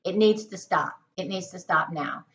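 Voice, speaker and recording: A woman's voice: fairly low pitch, normal speed, a bit bright, highs cut off. An American woman giving an indignant, emphatic opinion monologue to camera, stacking repeated rhetorical questions. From United States. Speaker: political vlogger.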